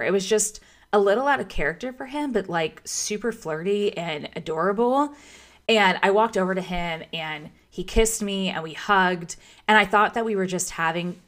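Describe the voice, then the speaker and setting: A woman's voice: on the low side, fairly bright tone. A woman telling a personal story in a casual, gushing way, with lots of "like" and restarts. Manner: chatty and gushing, full of "like" and restarts. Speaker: vlogger telling her proposal story.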